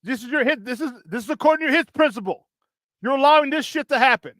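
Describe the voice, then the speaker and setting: Heated high-voiced sports talk host. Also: male voice, lively intonation, fast talker, a bit bright, no room sound. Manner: heated, emphatic, repeats phrases for emphasis.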